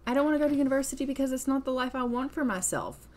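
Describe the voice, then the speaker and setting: A woman's voice: high voice, racing, darkish tone, pitched above the performer's own voice, lightly acted. Woman plays headstrong young woman, firm insistent lines, game let's-play. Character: stubborn determined young woman, a daughter.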